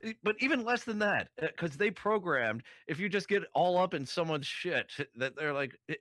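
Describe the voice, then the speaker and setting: Eager man with a bright voice. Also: sits high, lively intonation, moderate pace, no room sound. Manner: eager, stumbles over words. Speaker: podcast co-host. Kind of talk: casual chat.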